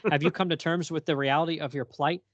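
A man voicing a calm, stern female fortune-teller from a comic in a measured, commanding way, close to his own voice. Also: fairly high pitch, dry recording, highs cut off, pitched above the performer's own voice, close to an everyday voice. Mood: counseling.

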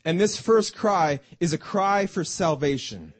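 Man, pastor, sermon, high-pitched, church, stammering restarts, calls for amens. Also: animated, unhurried. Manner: repeats words and restarts, asks the congregation "Amen?".

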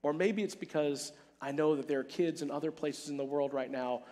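A man voicing his teary, bewildered wife at the dinner table in a hushed, half-whispered voice. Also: fairly high pitch, brisk, big-room sound, lightly acted.

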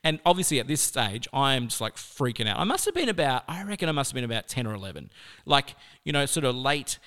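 An Australian man spins a personal story in a chatty, animated style, sprinkling "like" through his sentences. His voice is smooth and clear, sitting at an ordinary middle pitch for a man. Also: fast talker.

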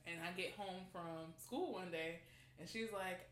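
Bright-voiced woman, dramatic storyteller. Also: on the low side, measured pace. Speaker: podcast co-host. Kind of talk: casual storytelling chat. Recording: echoey room, faint noise.

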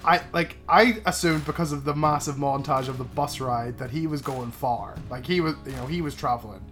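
A man's voice: medium pitch, fairly quick, a bit bright, soft background music. Man with a profane, rambling recap. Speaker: podcast co-host. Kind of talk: casual film-review chat.

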